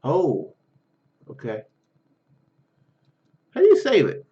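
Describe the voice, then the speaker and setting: A man with a slightly froggy, hoarse throat, casually reading and chatting through a text adventure game, rambling with many fillers and restarts. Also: on the high side, huge pitch swings, slow pace, mellow, dull audio. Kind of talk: casual let's-play commentary and reading.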